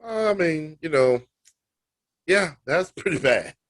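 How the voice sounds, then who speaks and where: A man's voice: fairly high pitch, lively intonation, slow. A man co-hosting a sports podcast, ranting emphatically and with disbelief. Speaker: podcast co-host. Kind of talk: casual sports banter.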